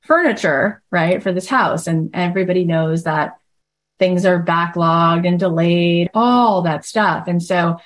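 A woman hosting, telling a casual story in a chatty, animated way, often acting out quoted dialogue and saying "like" a lot. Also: fairly low pitch, measured pace.

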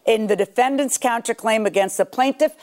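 A woman's voice: fairly high pitch, fairly quick, a little mellow. A woman judge questioning the parties bluntly and demanding proof. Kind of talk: courtroom ruling.

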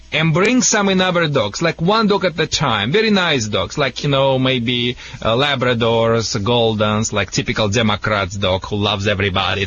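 A man's voice: medium pitch, a bit bright, a little hiss or hum. A man with a Russian accent, a dog trainer giving advice to callers on a radio show, joking and chuckling in broken English. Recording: dull lo-fi radio sound.

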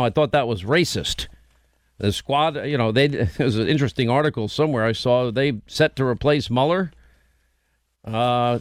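A man's voice: mid-range voice, no echo, clean studio sound. A man hosting a talk radio show, bantering and teasing his staff in a brash, interrupting way. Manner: brash, teasing, talks over his cohost. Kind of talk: casual on-air banter.

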